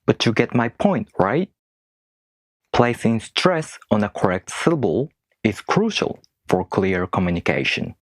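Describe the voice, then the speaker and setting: A man teaching in English, which is not his first language. His voice is low and swings widely in pitch as he asks rhetorical questions and slowly sounds out syllables. The sound is dry and close. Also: big pitch swings, no echo. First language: non-English speaker. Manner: rhetorical questions, slow careful demonstrations of stress. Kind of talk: explanatory video lesson.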